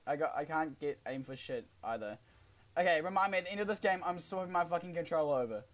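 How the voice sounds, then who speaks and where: A man's voice: on the high side, lively intonation, fast. A man chatting casually while playing a game with friends, laughing often, swearing, and sounding flustered. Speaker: gamer, channel owner. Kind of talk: casual gaming chat.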